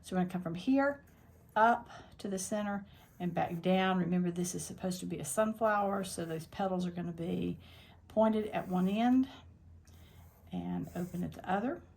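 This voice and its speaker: Woman, quilting teacher, gravelly voice, lowish pitch, step-by-step tutorial, practical, thinks aloud. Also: normal speed, darkish tone. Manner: thinks aloud while demonstrating, plain and practical. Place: quilting workspace at a longarm machine.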